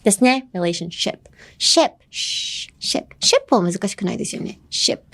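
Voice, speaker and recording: A woman's voice: fairly high pitch, sing-song, a little fast, fairly bright tone. A woman hosting a podcast English lesson, playful and teasing, slipping between English and Japanese. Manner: playful, teasing, laughs often. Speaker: English teacher host.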